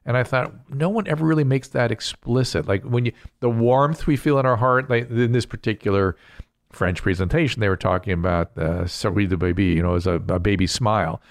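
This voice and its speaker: A man's voice: on the low side, fairly quick, no room sound, studio quality. A man hosting a casual podcast chat as a physician, explaining things in a lecturing way. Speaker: host and physician.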